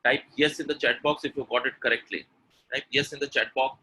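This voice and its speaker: A man's voice: medium pitch, fairly quick, a little hiss or hum, poor audio. A man with an Indian English accent, running a live webinar on pronunciation, drilling sounds aloud and urging the audience to type in the chat. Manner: energetic, repeats words, drills sounds aloud, coaxes chat replies. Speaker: spoken English trainer.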